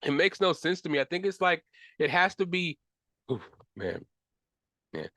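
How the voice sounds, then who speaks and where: A man's voice: fairly high pitch, big pitch swings, moderate pace, bright, forceful tone, dry recording. A young man hosting a solo sports podcast, ranting in frustration with casual slang and profanity. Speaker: podcast host.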